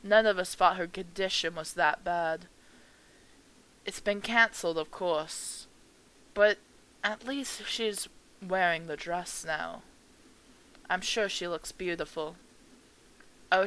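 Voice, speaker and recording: A woman voicing a gentle, grieving elderly mother at a funeral, speaking softly and slowly with a tremble, for a game. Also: on the low side, clean tone, poor audio.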